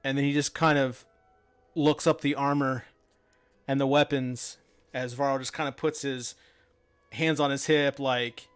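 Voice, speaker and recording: A man's voice: mid-range voice, little pitch movement, unhurried, long pauses, clear, resonant tone, faint music behind. A man narrating as the game master of a tabletop game, in a rambling way. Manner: rambling, many fillers and restarts.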